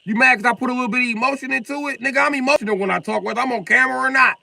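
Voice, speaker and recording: A middle-aged man from Illinois ranting on a live stream, confrontational and profane, swinging from loud outbursts to mock calm. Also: very high-pitched, rapid-fire, gravelly, poor audio. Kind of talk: heated live-stream rant.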